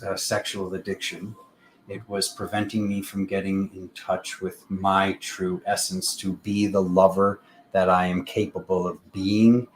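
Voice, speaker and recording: Male tarot reader on a live stream: low voice, slow and meandering, spiritual tone, light background noise. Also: rough recording. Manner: unhurried, rambling spiritual talk with many fillers.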